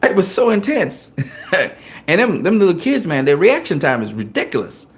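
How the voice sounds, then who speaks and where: A man hosting a boxing talk show, telling gym stories in a casual, profane, animated way and laughing often. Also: high-pitched, normal speed. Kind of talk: casual chat.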